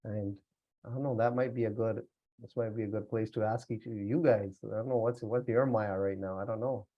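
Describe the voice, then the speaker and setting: A young man with a fairly low, fairly quick voice teaches a casual Gurbani class, heard on a lo-fi recording. He talks loosely about spiritual matters, relaxed and chatty, full of fillers and easy laughter.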